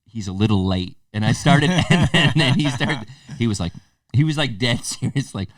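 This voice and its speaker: A man's voice: mid-range voice, lively intonation, normal speed, dry recording, clean studio sound, far from the mic. A man co-hosting a podcast, telling stories in casual chat and laughing through them. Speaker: podcast co-host.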